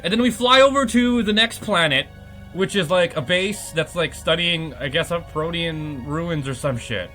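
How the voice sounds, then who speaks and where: A man's voice: on the high side, expressive, moderate pace, sharp tone, faint music behind. A man hosting a podcast, giving a comedic, profane recap of a game plot and laughing often. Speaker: podcast host.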